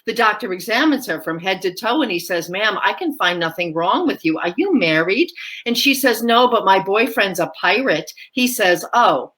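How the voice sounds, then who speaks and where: A woman's voice: medium pitch, lively intonation, moderate pace, fairly bright tone. A woman guest telling dirty jokes, building each one unhurriedly to its punchline.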